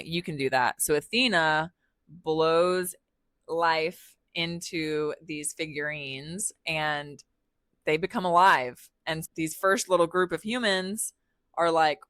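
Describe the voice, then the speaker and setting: A woman's voice: low voice, fairly bright tone, no echo. A young woman hosting a podcast, retelling a myth in a casual, slangy, irreverent way and swearing freely as she acts out the characters' lines. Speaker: podcast host. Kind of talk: casual storytelling of myths.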